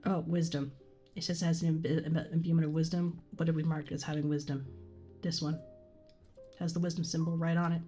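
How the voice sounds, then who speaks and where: A soft-spoken woman streaming a game from a room at home, often dropping to a whisper as she reads game text, a little congested from a cold, on a condenser desk mic. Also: sits low, level tone, brisk, soft background music. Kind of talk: let's play commentary and reading game text.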